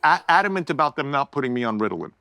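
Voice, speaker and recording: A middle-aged man, a podcast guest telling a story in a lively way, stumbling and repeating words as he goes. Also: mid-range voice, racing, no echo. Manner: animated storyteller who acts out quotes, repeats words. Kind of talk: casual storytelling in a podcast chat. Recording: dry close-miked studio sound.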